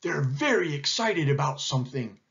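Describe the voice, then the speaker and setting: A man voicing a big, gentle elephant in an earnest, worried way. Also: a little high, very animated, normal speed, creaky, heavily acted. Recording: dull lo-fi recording.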